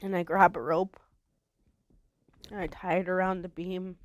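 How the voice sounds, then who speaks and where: Halting, low-voiced woman. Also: flat delivery. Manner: halting, soft-spoken, many pauses and fillers. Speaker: interviewee telling her life story. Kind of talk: personal testimony.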